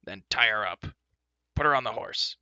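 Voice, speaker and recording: A man's voice: on the low side, fairly even intonation, quick pace, pushed and bright, no room sound, muffled recording. A man voicing a grumpy, impatient dwarf who snaps and scolds in a storybook reading. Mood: scolding. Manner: snappish, scolding.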